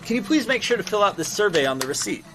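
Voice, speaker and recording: Dude doing a high chirpy store clerk voice, super pushy, upselling nonstop. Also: male voice, very animated, music in the background. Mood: pushy upbeat. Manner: chirpy salesman patter, rapid-fire questions. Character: pushy overeager male checkout clerk upselling.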